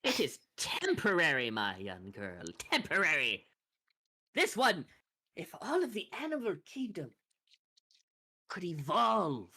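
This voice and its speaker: Woman playing an eccentric wizard shopkeeper, rambling and grandiose, lively bright voice. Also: lowish voice, a little slow, long pauses, breathy edge, no room sound, studio quality, exaggerated voice. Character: eccentric female wizard shopkeeper who awakens animals.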